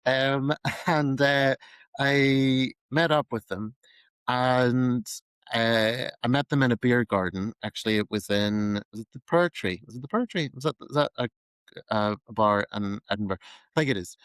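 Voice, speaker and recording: A man's voice: mid-range voice, unhurried, a bit bright, clean tone, no room sound, poor audio. A Northern Irish man from Newry in his thirties, co-hosting a podcast and telling a story with lots of ums and laughs. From Northern Ireland. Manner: chatty storyteller, laughs often, many ums. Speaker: podcast co-host. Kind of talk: casual chat.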